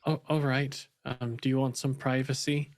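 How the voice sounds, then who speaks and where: A man's voice: mid-range voice, flat delivery, normal speed, no room sound, clean studio sound, faint music behind, close to an everyday voice. A man voicing a polite, slightly awkward young companion who speaks hesitantly, with fillers, in a tabletop role-play. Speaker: player.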